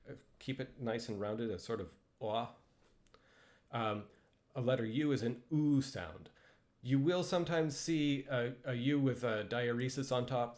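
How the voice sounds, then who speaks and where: A man's voice: medium pitch, a little mellow. A man casually teaching pronunciation over slides, hesitant and self-deprecating, with frequent ums and restarts. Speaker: language instructor.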